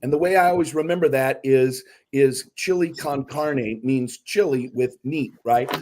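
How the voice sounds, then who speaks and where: A man who is a guest on a talk podcast, a speaker and author, telling stories in animated, casual conversation. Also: mid-range voice, measured pace, slight background noise. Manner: animated storyteller, breaks words down.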